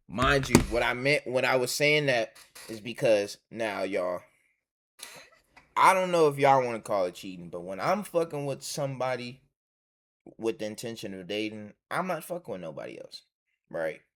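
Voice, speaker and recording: A man's voice: fairly low pitch, lively intonation, moderate pace, a bit bright. A young man casually telling a storytime, reading old text messages aloud in a slangy, swearing, heated way. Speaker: storytime streamer.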